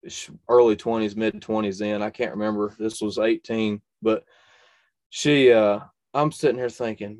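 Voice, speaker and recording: A man's voice: fairly low pitch, fairly even intonation, normal speed, darkish tone, no echo. A young adult man telling a personal hunting story in a conversation, earnest and emphatic, repeating phrases for stress. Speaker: hunter and video creator, guest.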